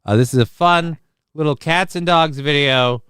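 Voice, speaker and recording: A man's voice: fairly high pitch, moderate pace, a bit bright, smooth, no room sound, studio quality. A man hosting a casual livestream, riffing crudely and sarcastically and reading chat messages aloud. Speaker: show host.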